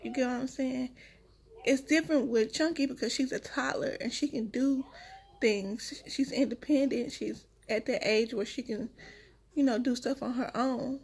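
A woman's voice: sits high, moderate pace, creaky, a little mellow, slightly rough. A woman vlogger, a week after giving birth, telling her story straight to her viewers in a casual, emotional way. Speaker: vlogger, new mother.

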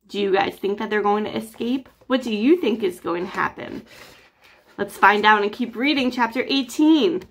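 A woman teacher reading a chapter book aloud to children with lively, expressive storytelling. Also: mid-range voice, normal speed.

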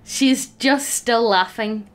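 A woman's voice: fairly high pitch, slow. A woman acting as game master, narrating a tabletop game in a playful, amused way.

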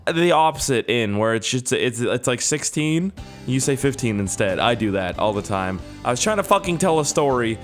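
A young man commentating his gameplay, rambling and swearing, with sudden yelling bursts and a voice hoarse from screaming. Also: mid-range voice, expressive, normal speed, over music. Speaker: gaming YouTuber. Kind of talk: casual let's-play commentary.

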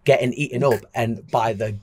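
A man's voice: mid-range voice, fairly even intonation, normal speed, dry recording. A man, co-hosting a podcast and telling a rambling story in casual chat. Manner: rambling anecdote teller, blunt. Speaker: podcast co-host.

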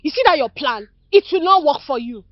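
A scolding, confrontational friend. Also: female voice, high voice, animated, a little fast, dry recording, dull audio. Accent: Nigerian. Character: outspoken young woman scolding a scheming friend.

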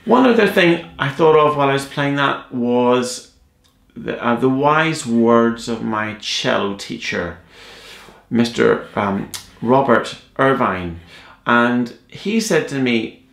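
A man's voice: medium pitch, expressive, takes it slowly, gravelly, a bit bright, roomy sound. A man teaching a cello piece in a playful, joking, encouraging way. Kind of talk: music tutorial.

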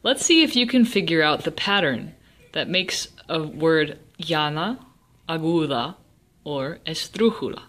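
Low-voiced woman teaching a lesson. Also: lively intonation, fairly bright tone. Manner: slow, deliberate pronunciation of example words. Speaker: Spanish teacher. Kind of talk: explanatory lesson voice-over.

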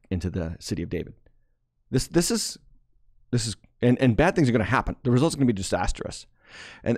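A man's voice: fairly low pitch, darkish tone. Man preaching an expository sermon. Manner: expository preaching with frequent restarts and rising emphasis. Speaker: pastor.

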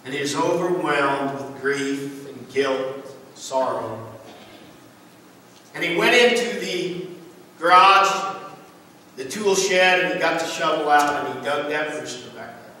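A man's voice: on the high side, slow, long pauses, sharp tone, slight background noise. A man preaching a sermon as a pastor, in an earnest, storytelling manner. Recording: echoey church hall from far off.

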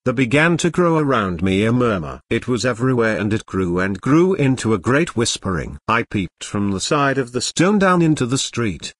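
A man's text-to-speech voice narrating an audiobook in an even, measured way. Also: medium pitch, no room sound, studio quality.

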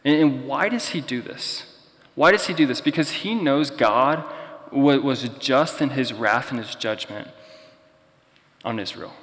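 A man's voice: mid-range voice, unhurried, fairly bright tone, long reverb tail. A young man preaching a sermon as pastor in a conversational, storytelling way. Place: church.

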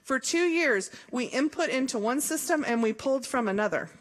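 A woman's voice: high-pitched, moderate pace. A middle-aged woman from Missouri, an association leader giving an emphatic, jokey, conversational speech at a forum. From Columbia, Missouri. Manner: lively, emphatic, jokey, with laughs and rhetorical questions.

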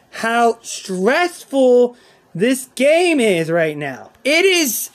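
A high-voiced woman commenting on her own gameplay, her pitch leaping all over as she flips between shrill yells and low grumbling. She talks in an unhurried drawl and swears under her breath. Faint game music plays behind her. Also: very animated. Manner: swings between shrill frustrated yelling and low muttering. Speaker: gaming channel host. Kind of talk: let's-play commentary.

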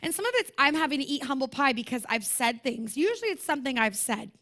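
A young woman preaching at a conference, emphatic and animated, with self-deprecating humor. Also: high voice, fast talker. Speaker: conference speaker. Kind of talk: sermon.

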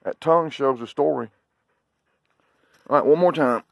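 A man's voice: medium pitch, moderate pace, creaky, dry recording. A man with a Southern US accent, chatting casually and coaxing his dog during a game of fetch outdoors. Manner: drawling, talks to his dog in short coaxing calls. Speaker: dog owner vlogger. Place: outdoors on a sunny day.

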